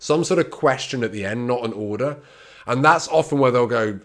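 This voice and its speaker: A man's voice: mid-range voice, brisk. Extroverted guy giving a casual training talk on patients, chatty and candid, slips into quoted patient voices. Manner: conversational, acts out patient replies in quoted voices; candid and personal, extroverted and talkative. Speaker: clinical communication trainer. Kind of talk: informal teaching talk to camera.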